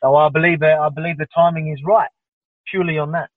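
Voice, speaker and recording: An Australian man in his thirties talks in a pumped-up, restless rush, circling back with fillers and repeats. His voice sits a touch high. It comes through a thin, phone-like video call line with no room sound. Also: flat delivery, quick pace, no echo. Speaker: interview guest, fighter. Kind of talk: remote interview answers. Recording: tinny phone-like line, dry.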